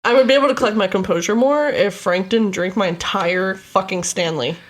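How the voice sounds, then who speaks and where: A woman's voice: mid-range voice, a little fast. An American woman co-hosting a podcast, chatting casually with playful, giggly banter. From United States. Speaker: podcast co-host. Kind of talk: casual chat.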